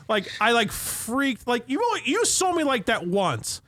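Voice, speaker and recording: A man spins a profane, animated story on a podcast. His voice sits high, and the sound is dry and close. He swears constantly and acts out every quoted line. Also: unhurried, few pauses, no room sound. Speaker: podcast co-host. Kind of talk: casual storytelling chat.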